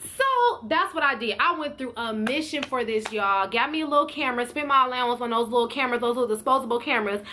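Sex: female. Role: vlogger. Style: animated storytime, slangy, addressing viewers. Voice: high. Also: fast, hardly any pauses, slight background noise. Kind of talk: storytime vlog.

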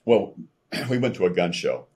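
A man's voice: low voice, very animated, normal speed, a little mellow, husky. A man from Texas, telling his story as a podcast guest and acting out the dialogue he recounts. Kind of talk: storytelling interview.

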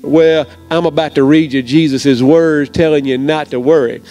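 A man's voice: on the high side, steady tone, normal speed, dark tone. A man preaching a sermon straight to the camera as pastor, in an earnest, emphatic way.

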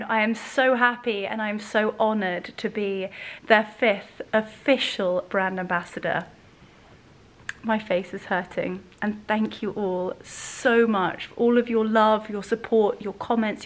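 A young woman with a bright, high voice talks at a slow, easy pace. She is bubbly and affectionate, laughing often and cooing at her dogs. She is recorded in a home kitchen on a camera resting on the counter. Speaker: lifestyle vlogger. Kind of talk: casual vlog chat. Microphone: camera set on a counter.

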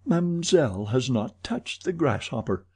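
A man's voice: medium pitch, animated, darkish tone, slightly rough, heavily acted. A man reading as Eric, a coldly mocking masked madman. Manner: slow, deliberate and mocking. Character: menacing deranged masked man, coldly theatrical. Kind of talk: audiobook character reading.

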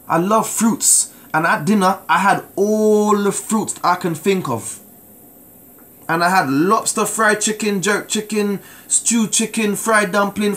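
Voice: mid-range voice, fairly bright tone. A preacher giving a sermon with a personal testimony, emphatic and repeating words, often calling out to listeners for an amen.

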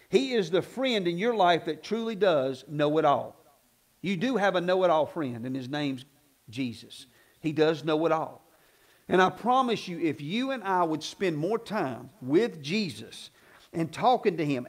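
High-voiced folksy preacher man. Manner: folksy and conversational, rising to loud emphatic preaching. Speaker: pastor. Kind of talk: sermon. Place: church sanctuary.

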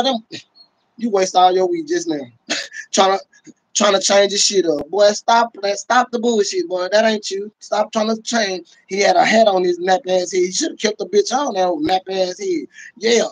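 Man, high pitch, profane mocking livestream rant, bursts of shouting. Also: rough recording. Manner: profane, mocking, animated, with sudden shouts and laughs. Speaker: livestream host. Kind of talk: ranting livestream commentary.

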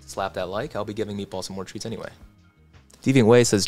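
Male streamer, low voice, laid-back chat reader, faint background music. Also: fast talker. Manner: relaxed, reads chat aloud, chatty asides. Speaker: livestream host. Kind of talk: casual livestream chat reading comments.

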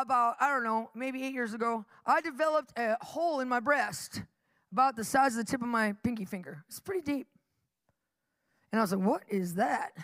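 Lady preacher, high bright voice, lively story-telling, laughs a lot, dry close sound. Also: no echo. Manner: animated storytelling, laughs often, acts out dialogue. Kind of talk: energetic live preaching.

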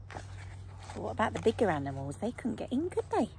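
Animated woman reading a children's story. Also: medium pitch, normal speed, slight background noise. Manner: animated, asks young listeners questions, drops to whispers.

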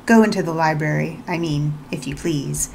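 A woman reading the lines of a brusque, commanding gentleman from a storybook read-aloud. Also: deep voice, steady tone, moderate pace, creaky, a little hiss or hum, poor audio. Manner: curt, questioning, commanding. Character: brusque commanding gentleman, middle-aged man.

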